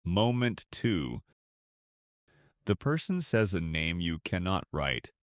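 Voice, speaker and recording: A man teaching beginner English in a slow, clear, scripted way, pausing so listeners can repeat. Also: sits low, very animated, no echo, clean studio sound. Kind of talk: slow scripted lesson for learners.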